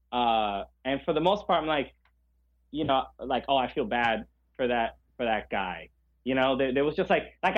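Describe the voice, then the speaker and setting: A man co-hosting a podcast in casual chat, passionate and halting, often searching for his words. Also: a little high, highs cut off. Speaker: podcast co-host.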